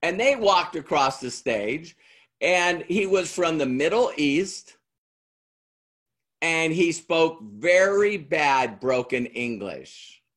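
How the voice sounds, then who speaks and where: A man's voice: fairly high pitch, expressive, takes it slowly, fairly bright tone. A middle-aged man giving a motivational stage talk, emphatic, repeating key lines and asking the audience questions. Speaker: motivational speaker.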